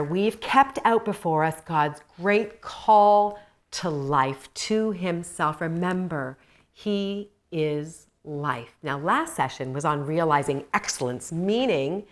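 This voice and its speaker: A woman leading a faith course, her voice pitched a little on the low side. She teaches in a warm, conversational way and slips into animated personal stories, laughing at her own past mistakes. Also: measured pace. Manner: animated storytelling, laughing at herself. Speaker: Christian women's course teacher.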